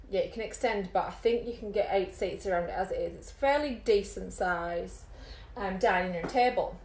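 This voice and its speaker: A woman vlogging and telling a rambling story in an animated way, full of fillers. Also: on the high side. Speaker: makeup vlogger. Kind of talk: chatty storytelling. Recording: roomy echo.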